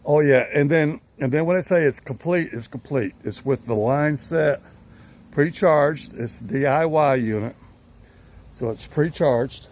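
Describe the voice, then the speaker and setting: A man's voice: fairly high pitch, unhurried, a little mellow. An older man, vlogging casually to his phone camera outdoors in his yard. He rambles in an easygoing way and chuckles often. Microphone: handheld phone camera.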